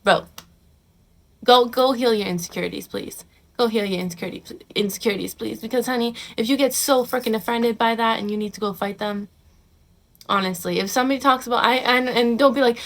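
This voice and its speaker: A woman's voice: mid-range voice, fairly even intonation, brisk. A young woman talks straight to camera in a casual advice vlog. She is blunt and sassy, tossing in "honey" and "bro" and swearing without a second thought. Now and then she drops into a mocking voice to imitate the people she is making fun of. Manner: mocks others in quoted put-on voices. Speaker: vlogger giving advice.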